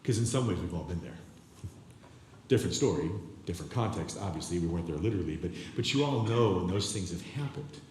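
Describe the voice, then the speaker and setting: A man's voice: low-pitched, expressive, quick pace, a little mellow, slight background noise. A male pastor preaching a sermon, telling a story in a conversational way with frequent asides to the congregation, in a church sanctuary. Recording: echoey church hall with long reverb.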